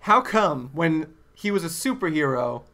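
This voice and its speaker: A man's voice: on the high side, expressive, unhurried, sharp tone. A man co-hosting a casual comedy podcast, teasing his co-host with sarcastic, profane banter. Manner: sarcastic, teasing, swears freely.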